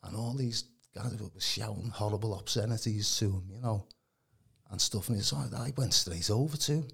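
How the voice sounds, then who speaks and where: On a podcast, a Birkenhead man gives a loose, rambling testimony full of colloquial fillers at a normal speed. His voice sits on the low side and is gravelly and very husky, though its tone is fairly bright.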